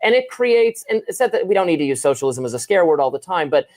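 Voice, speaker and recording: A man's voice: fairly high pitch, very animated, fast, a little mellow. A man guesting on a live political discussion, hesitant and full of fillers. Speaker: guest co-host.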